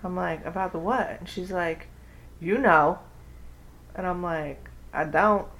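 A woman telling a story in casual chat, acting out quoted lines with big jumps in pitch. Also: unhurried, fairly bright tone.

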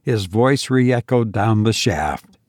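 A man reading a classic short story aloud as a storyteller, slow and measured. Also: on the low side, expressive, darkish tone. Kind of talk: scripted narration.

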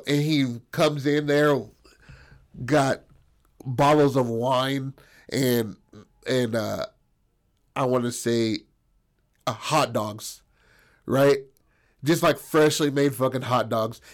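A man's voice: medium pitch, steady tone, slow, pauses often. Profane rambling storyteller man. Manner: rambling, profane, peppered with "bro" and "right?". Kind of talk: crude improvised comic storytelling.

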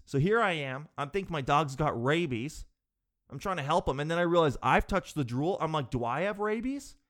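A man hosting a podcast, telling comic stories in a loose, rambling way, swearing casually and acting out the people in them. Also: on the high side. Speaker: comedian podcast host. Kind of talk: comic storytelling monologue.

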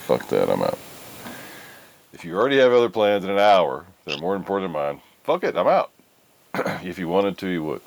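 A man's voice: deep voice, very animated, a little fast, vocal fry, no echo. A middle-aged man hosting a podcast, telling stories in blunt, profane casual chat. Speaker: podcast host.

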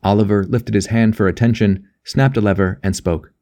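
Male audiobook narrator, low and mellow, measured delivery. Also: steady tone. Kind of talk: scripted narration.

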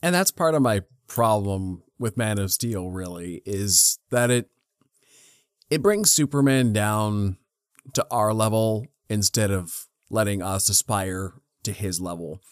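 Earnest man debating films, smooth voice. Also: fairly low pitch, dry recording, studio quality. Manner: earnest, animated, puts on quick voices when quoting. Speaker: podcast co-host. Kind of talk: casual film debate.

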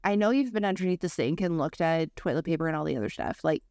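A woman's voice: low-pitched, animated, fast talker, a little mellow, no room sound. A woman doing a bossy, practical grandmother. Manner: matter-of-fact, bossy. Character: brisk, practical grandmother taking charge.

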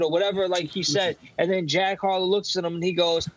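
A man co-hosting a podcast, excitable and protesting in casual banter, packing his talk with "yo" and "like.". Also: high-pitched, fast talker, hardly any pauses, dry recording, muffled recording. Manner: excitable, protesting, many "yo" and "like" fillers. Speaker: podcast co-host. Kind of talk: casual banter among friends.

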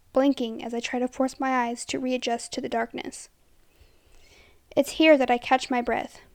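A woman reading a first-person horror story aloud, steady and dramatic, sometimes dropping to hushed tones. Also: sits high, no room sound, studio quality.

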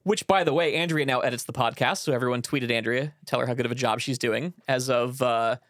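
A man's voice: medium pitch, a little fast, fairly bright tone, no room sound, clean studio sound. A man co-hosting and editing a podcast, joking in casual chat with filler words. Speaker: podcast co-host and editor.

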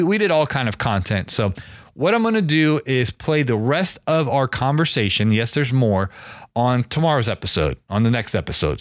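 A man's voice: medium pitch, no room sound, clean studio sound. A man hosting a podcast, telling a long story in a loose, rambling way and acting out quoted lines. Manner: rambling storyteller, animated quoting. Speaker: podcast host. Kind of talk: casual podcast chat.

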